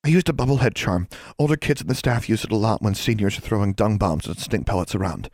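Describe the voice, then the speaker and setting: A man's voice: on the low side, darkish tone, no room sound, clean studio sound, pitched above the performer's own voice, lightly acted. A man voicing an anxious young schoolgirl witch who talks in a breathless rush. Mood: earnest. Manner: breathless rushed whispering.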